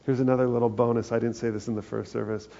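A man's voice: medium pitch, flat delivery, rapid-fire, vocal fry, dark tone, dull audio. A man preaching a sermon as pastor, earnest and building to emphatic peaks.

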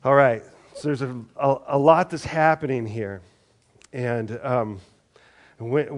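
A man reading scripture aloud and then preaching in a conversational way, often restarting his words. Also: medium pitch. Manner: conversational, with frequent repeated restarts.

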